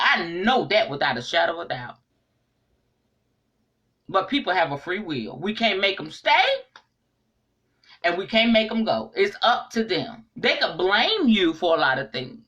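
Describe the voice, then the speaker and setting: A middle-aged woman giving a casual spiritual monologue to her viewers, animated and preachy, speaking straight to the audience. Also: medium pitch, lo-fi sound. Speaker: online inspirational speaker.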